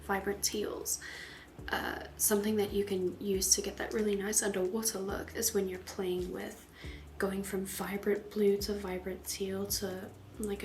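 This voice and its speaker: A woman tattoo artist giving casual, rambling voice-over commentary, often soft and half-whispered, with giggles. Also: medium pitch, a little hiss or hum.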